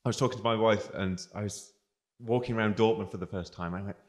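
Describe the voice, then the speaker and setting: Northern English man, lively storyteller. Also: lowish voice, fast. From northwest England. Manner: lively storyteller who acts out quoted voices. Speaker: guest musician. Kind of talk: casual livestream interview.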